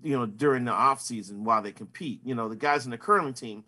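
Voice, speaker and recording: A man's voice: mid-range voice, quick pace, sharp tone. A man in his fifties, a sportswriter, answering interview questions in a casual, rambling way full of "you know" fillers.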